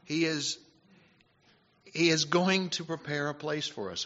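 Preaching a sermon, this man has a fairly high-pitched voice and alternates between loud emphasis and hushed softness. His delivery includes halting restarts and filler words, captured on a dull lo-fi recording.

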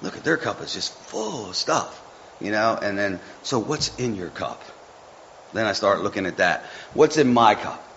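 A man's voice: fairly low pitch, expressive, moderate pace, fairly bright tone, slight background noise. A man giving an informal devotional talk, folksy and rambling, with chatty asides to the listeners. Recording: muffled with faint background ambience.

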